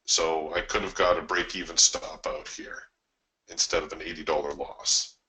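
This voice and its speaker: A man's voice: rumbling low, fairly even intonation, moderate pace, sharp tone, slight background noise, rough recording. A man hosting a live trading webinar, explaining his approach in a conversational way and telling stories to his listeners. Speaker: trading coach and webinar host.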